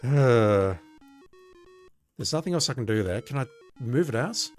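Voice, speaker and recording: A man's voice: medium pitch, lively intonation, fast, faint music behind. A man casually playing an old adventure game, reading its text aloud and making wry asides with occasional swearing. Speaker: let's play host.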